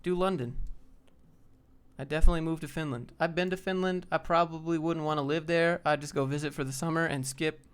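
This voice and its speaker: A man's voice: fairly high pitch, steady tone, fairly quick, clean tone. A young man hosting a casual live stream, thinking aloud as he browses job listings and answers viewers.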